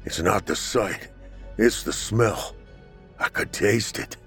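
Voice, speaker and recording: A man doing a quiet, shaken old father. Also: lowish voice, slow, vocal fry, husky, soft background music, full character voice. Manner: quiet, shaky.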